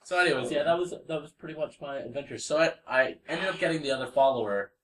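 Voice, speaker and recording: A man's voice: a little high, animated, quick pace, fairly bright tone. A man co-hosting a gaming podcast, rambling through a game story with lots of "like" and giggles. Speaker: podcast co-host. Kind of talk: casual gaming chat, telling a game story. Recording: echoey room, distant mic.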